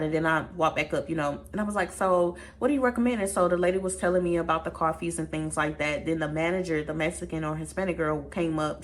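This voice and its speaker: A young adult woman chatting through a storytime vlog in a low-pitched voice. She is animated and full of asides, and keeps talking straight to her viewers. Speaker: vlogger.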